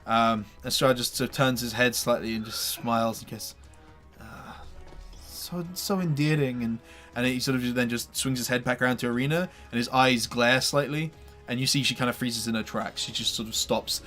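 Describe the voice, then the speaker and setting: A man's voice: mid-range voice, flat delivery, fairly quick, bright, forceful tone, soft background music. A man narrating as game master of a tabletop game, hesitant, with many fillers and restarts.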